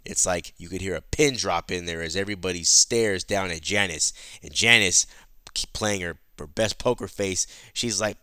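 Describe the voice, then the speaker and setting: A man hosting a casual comic book recap in a chatty, animated storytelling manner. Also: deep voice, moderate pace, clean tone, dry recording, clean studio sound.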